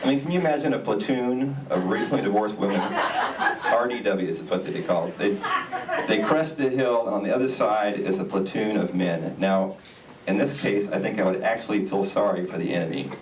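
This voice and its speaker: A man performing a stand-up comedy routine on a theatre stage, telling stories with deadpan punchlines. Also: lowish voice, a little fast. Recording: roomy, distant, noisy live stage recording.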